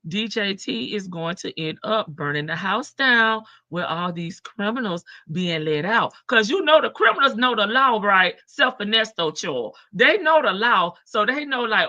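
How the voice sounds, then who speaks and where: A slow-talking woman hosts a casual livestream, chatting in slang, laughing easily and calling out to viewers by name. Her voice sits a little high and sounds bright and sharp. The stream audio is dry and dull, a bit lo-fi. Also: animated, no echo. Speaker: livestream host. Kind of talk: casual livestream chat reading viewer comments.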